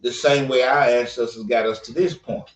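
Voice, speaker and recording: A man's voice: mid-range voice, steady tone, moderate pace. A man co-hosting a casual podcast, talking in an emphatic, preachy way. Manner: preachy, emphatic, talks of leading by example. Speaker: podcast co-host. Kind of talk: casual opinion chat. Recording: echoey room, mic at a distance, dull sound.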